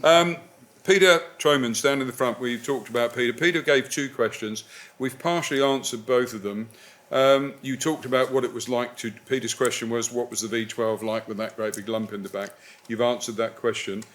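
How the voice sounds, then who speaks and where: A man's voice: mid-range voice, fairly even intonation, a bit bright. Jovial man hosting a club Q&A. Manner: jovial, brisk, reading out audience questions. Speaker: host. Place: club evening event indoors.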